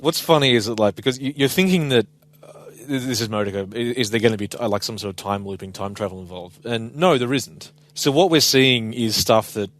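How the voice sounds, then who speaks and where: A man's voice: mid-range voice, a little fast, a bit bright, dry recording. A man with an Australian accent co-hosting a casual podcast, sarcastic and emphatic, swearing freely. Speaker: podcast co-host. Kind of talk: casual chat.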